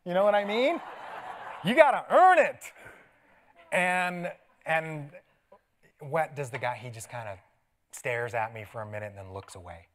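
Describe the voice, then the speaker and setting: A middle-aged man preaching a sermon as pastor, telling stories with laughs and dropping to soft asides. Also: on the high side. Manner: animated storytelling with laughs and sudden soft asides. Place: church sanctuary.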